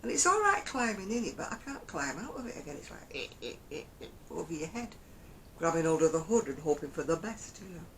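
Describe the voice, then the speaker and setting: Chatty Lancashire woman, lively sing-song voice. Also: on the low side, fast, slight background noise, poor audio. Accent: Northern English, Lancashire. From Oldham, England. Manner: chatty and rambling, chuckles often. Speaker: crochet vlogger. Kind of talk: casual chat to camera.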